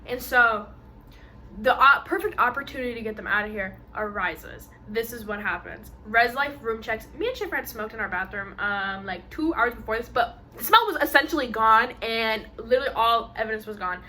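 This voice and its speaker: A young woman with a bright, sharp, somewhat high voice tells a story in relaxed mukbang chat. She talks in an animated way, full of "like", and slips into voices when she quotes people. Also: normal speed. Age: young adult. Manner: animated storyteller, acts out quotes, many fillers. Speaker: co-host telling a story.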